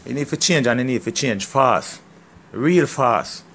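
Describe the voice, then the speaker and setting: A man's voice: mid-range voice, animated, unhurried, a bit bright, slight background noise. A middle-aged Jamaican man speaks straight to his viewers in a heated, emphatic rant. His Jamaican accent is strong, and he keeps driving each point home by asking if he is understood. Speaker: farmer. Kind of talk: casual vlog rant.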